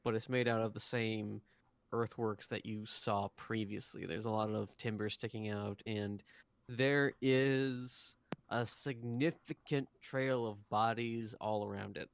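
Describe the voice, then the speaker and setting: Man, game master, smooth clear voice, hesitant, halting narration. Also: on the low side, fairly even intonation. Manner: hesitant, many ums and restarts.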